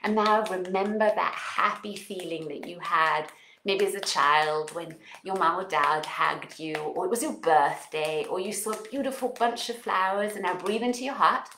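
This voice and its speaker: A woman with a non-native English accent talking as a parenting coach, guiding listeners through exercises and affirmations in an expressive, coaching manner. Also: on the low side, reverberant, slight background noise. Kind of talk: guided self-help talk with exercises.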